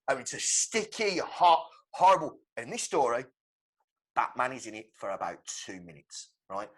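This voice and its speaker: A man co-hosting a podcast, excitedly pitching a film plot with swearing and shouted sound effects. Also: moderate pace. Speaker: podcast co-host. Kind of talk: animated movie-pitch storytelling.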